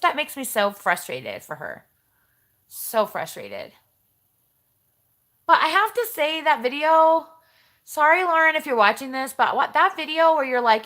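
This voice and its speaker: A woman with a bright, forceful voice chats on a live stream, rambling from one topic to the next. She reads viewer comments aloud and answers them directly. Her voice sits a little higher than most women's. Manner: chatty and rambling, jumps between topics, talks straight to viewers. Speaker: vlogger hosting a live stream.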